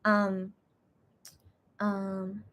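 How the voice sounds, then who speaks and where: A young woman chatting casually on a live stream, reading viewer comments and translating messages with frequent pauses and restarts. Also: medium pitch, monotone, fairly bright tone. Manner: hesitant, many restarts while translating.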